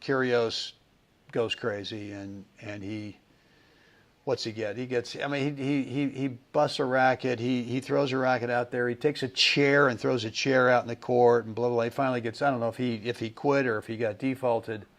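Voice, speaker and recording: Male podcast host, middle pitch, chatty storyteller, casual conversational delivery. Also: moderate pace. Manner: chatty storyteller, repeats words, animated when quoting.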